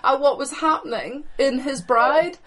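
A woman delivering charismatic prophetic prayer over a video call, fervent, with breathy exclamations. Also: high voice, measured pace, a bit bright, rough recording.

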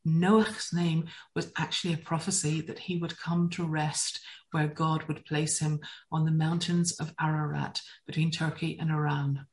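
A woman giving a teaching talk on Hebrew words, enthusiastic and telling stories in a lively way. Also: low voice, unhurried, low-quality recording. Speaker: Bible teacher.

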